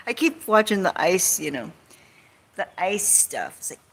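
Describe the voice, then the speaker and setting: A woman's voice: medium pitch, sing-song, takes it slowly, long pauses, a bit bright, slightly rough. A woman vlogging from home in a rambling casual chat, sarcastic and swearing, jumping between topics and mocking people in put-on quotes. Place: home, on couch or bed.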